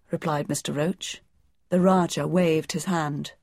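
Brief: woman audiobook narrator, low voice, measured delivery, dry studio sound. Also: steady tone, vocal fry, darkish tone, no echo.

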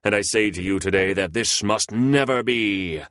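A man's voice: on the low side, moderate pace, fairly bright tone, dry recording, studio quality, close to an everyday voice. A man voicing a pompous male elder statesman potato who talks in an oratorical way. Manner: oratorical, speech-making.

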